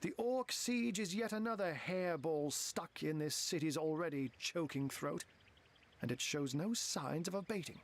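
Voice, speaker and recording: An actor playing a witty, genteel game wizard who turns into a talking cat, speaking in flowery phrases full of cat puns. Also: male voice, on the high side, normal speed, close to an everyday voice. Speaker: game character.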